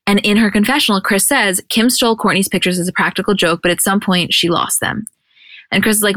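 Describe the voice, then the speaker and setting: A podcast co-host recaps a reality show in casual chat, her mid-range voice moving fast as she animatedly acts out quotes from the episodes. The recording is studio quality with no echo.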